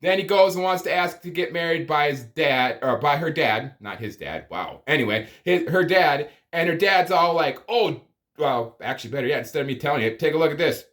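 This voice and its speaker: A man's voice: on the high side, lively intonation, a little fast, a bit bright. A man giving a profane comedic movie review, exasperated and ranting, with sighs and groans of disbelief. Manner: exasperated, swearing, sighing rants.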